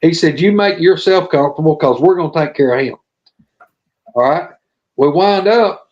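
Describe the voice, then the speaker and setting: A man's voice: fairly high pitch, moderate pace, darkish tone. Folksy man telling a story. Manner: folksy, earnest, drawling testimony. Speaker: podcast guest telling his story. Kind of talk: casual storytelling. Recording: dull lo-fi audio.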